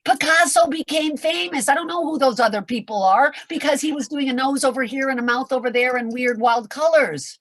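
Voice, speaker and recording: Theatrical older woman, husky voice. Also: high voice, a little fast, hardly any pauses, no echo. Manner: theatrical, swings from whispers to shouts. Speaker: guest performing coach. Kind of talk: animated podcast chat.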